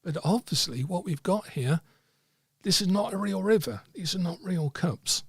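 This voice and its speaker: A man teaching tarot reading, speaking in a measured, explanatory way. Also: high-pitched, animated, husky, no echo. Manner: measured, explanatory, acts out client dialogue. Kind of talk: teaching talk with acted examples.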